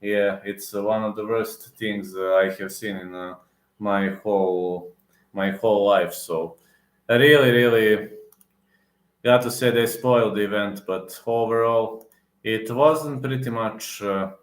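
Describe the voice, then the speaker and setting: A man's voice: on the low side, fairly even intonation, a little slow, reverberant. A man giving a heated, casual rant as an MMA reaction vlogger. He repeats himself with emphasis, and he fills his talk with restarts and hesitations. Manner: repetitive, emphatic, many fillers and restarts.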